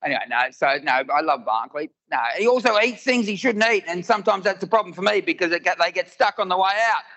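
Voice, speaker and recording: A man's voice: high voice, lively intonation, fast talker, vocal fry, sharp tone, poor audio. A man, telling stories in a live stand-up routine and acting out both sides of the dialogue. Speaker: stand-up comedian. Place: live comedy venue with audience.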